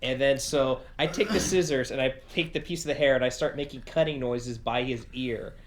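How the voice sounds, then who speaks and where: A man co-hosting a casual podcast, swapping stories with old friends in an animated way. His pitch sits in an ordinary middle range, and he jumps into his friends' voices as he tells each tale. A faint hiss runs under his talk. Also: a little fast. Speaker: podcast co-host. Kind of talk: casual storytelling among friends.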